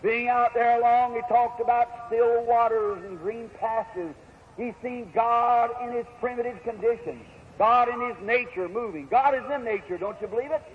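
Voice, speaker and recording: A man with a high voice preaches a storytelling sermon in plain, folksy words. His speech has a homespun rural grammar. The recording is dull and lo-fi with a faint hiss behind it. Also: moderate pace.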